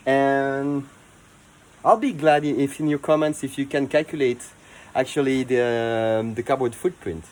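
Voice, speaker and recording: A man with a French accent, hosting a casual how-to video, chatty and enthusiastic, with soft asides now and then. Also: mid-range voice, steady tone, a little slow, low-quality recording. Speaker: eco-cleaning video host.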